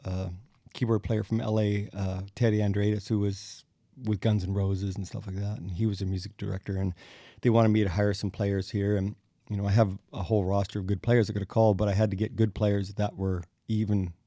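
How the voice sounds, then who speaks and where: A middle-aged man, a bassist and podcast guest, telling animated stories, acting out quotes and chuckling as he goes. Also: a little fast, no room sound. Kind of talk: anecdotal storytelling in conversation.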